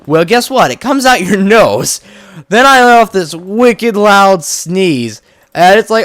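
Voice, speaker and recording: A young man hosting casual gameplay commentary, talking in an excitable, rambling, jokey way and poking fun at himself, a little congested from a cold. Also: high voice, unhurried, dry recording, clean studio sound. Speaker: Minecraft let's-play host.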